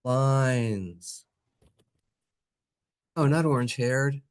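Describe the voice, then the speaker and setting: A teacher in a synagogue classroom walks a class through Hebrew vowel sounds at an unhurried pace. The delivery is playful and sing-song, with the letter sounds acted out as little characters. The pitch sits in the middle range. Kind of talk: classroom reading lesson.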